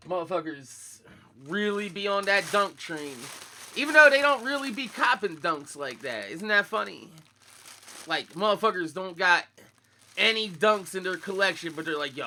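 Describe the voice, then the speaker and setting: A young man, talking laid-back and profane in sneaker-head slang. His voice is high for a man and very bright and sharp, with a groggy morning roughness. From Philadelphia, USA. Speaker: sneaker vlogger. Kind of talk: casual chat to live viewers.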